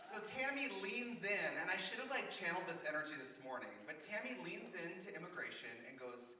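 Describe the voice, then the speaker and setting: A man's voice: sits high, sing-song, brisk. A man performing in drag, chatting and telling campy stories to a live audience, slipping into quoted voices. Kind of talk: live stand-up banter. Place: festival theater stage before an audience. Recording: echoey, distant, noisy live room recording. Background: audience laughter.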